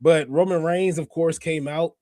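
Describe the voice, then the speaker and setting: A fairly high-voiced man hosting a podcast, chatting casually about wrestling. He talks in an animated, slangy way, looping through fillers and restarts. The sound is dry and close with no room echo. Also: moderate pace. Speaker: podcast host. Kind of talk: casual wrestling recap chat.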